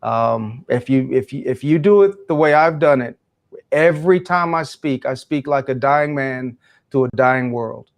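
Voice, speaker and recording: A man's voice: mid-range voice, a little slow, creaky. A man who is a guest in an interview, an education speaker answering in a passionate, emphatic, preacherly way.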